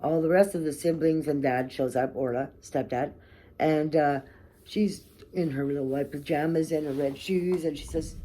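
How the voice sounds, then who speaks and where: A woman's voice: low voice, steady tone, moderate pace, dark tone. A woman vlogger telling a personal story to camera, candid and blunt, swearing freely and checking in with "okay?" and "right?".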